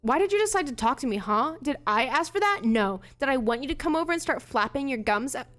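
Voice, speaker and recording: A sneering, bratty young boy from a story game, read aloud by a woman. He is snide and dismissive and sits fairly high in pitch. Soft music plays faintly behind. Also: fairly quick, natural voice.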